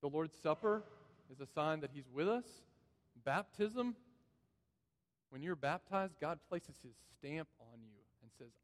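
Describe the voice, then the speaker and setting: A man's voice: fairly high pitch, lively intonation, unhurried. A man preaching a sermon in a church, earnest and repeating key phrases for emphasis. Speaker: pastor. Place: church sanctuary. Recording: long reverb of a church hall.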